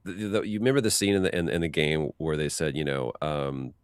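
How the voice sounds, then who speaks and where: A man as an interview guest, telling animated behind-the-scenes stories and acting out quotes with frequent restarts. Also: rumbling low, brisk, clear, resonant tone, no room sound. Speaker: voice actor guest. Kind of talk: casual interview storytelling.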